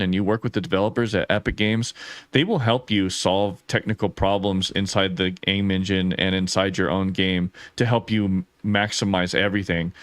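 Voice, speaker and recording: A man hosting a casual gaming live stream, chatty and excitable, laughing often and reading chat messages aloud. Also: fairly low pitch, no room sound. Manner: swears casually, lots of "like".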